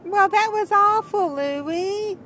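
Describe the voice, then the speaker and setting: Very high-voiced woman cooing to her dog. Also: takes it slowly, fairly bright tone. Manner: soothing, cooing baby talk to a pet. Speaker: dog owner. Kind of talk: home video, talking to her dog. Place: inside a car. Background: faint car hum and a whining dog.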